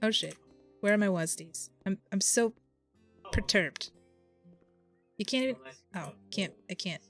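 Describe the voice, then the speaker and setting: A woman's voice: mid-range voice, pushed and bright. A woman streaming a game and chatting with her viewers, thinking aloud in an exasperated way. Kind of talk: casual live-stream chat while playing.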